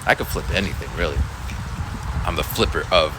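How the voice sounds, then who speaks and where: A man's voice: low voice, fairly quick, background noise. A male schoolteacher telling a story in a casual, rambling monologue, full of restarts and voiced quotes. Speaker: school teacher.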